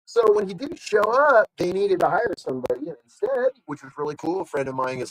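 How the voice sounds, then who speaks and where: A man on a live online show rattles off a long story fairly quickly with few pauses, his voice a little high. He's animated and rambling, acting out others' lines amid frequent fillers and restarts, and the dry recording has poor audio.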